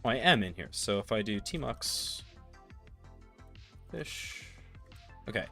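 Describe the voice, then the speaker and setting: Expressive male streamer reciting and explaining. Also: lowish voice, slow, gravelly, faint music behind. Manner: reads verse expressively, swelling loud then sinking soft; casual, thinks aloud with fillers while working. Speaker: livestream host teaching tech setup. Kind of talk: live-streamed tutorial with a poetry reading.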